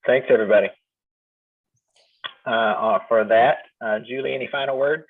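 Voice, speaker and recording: A man's voice: medium pitch, fairly even intonation, moderate pace. A man chairing a meeting who hesitates, with many fillers. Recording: distant tinny phone-like audio.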